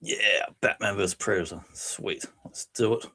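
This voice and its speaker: Here a man with a lowish, breathy voice co-hosts a relaxed podcast at a moderate pace. His storytelling is lively as he recounts comedy scenes, frequently laughing and performing the quotes.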